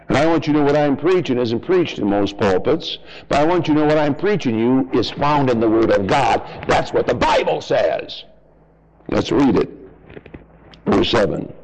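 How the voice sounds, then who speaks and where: Man preaching hard, blunt and folksy, voice jumps way up to shouts then drops low and mutters. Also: lively intonation, normal speed, rough recording. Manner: swings from shouting highs to low muttered asides. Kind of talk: fiery sermon.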